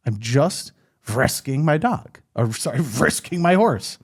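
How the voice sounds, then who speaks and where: A man's voice: fairly high pitch, lively intonation, measured pace, vocal fry, breathy edge. A man from northern Minnesota with a Minnesotan accent, hosting a podcast in casual, opinionated, rambling chat. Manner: opinionated, rambling, frequent restarts. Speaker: podcast host.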